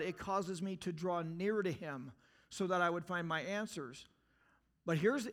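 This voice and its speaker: A man preaching a sermon, talking earnestly and asking the listeners direct questions, now and then swelling to emphatic outbursts and dropping low again. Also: fairly bright tone. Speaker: pastor.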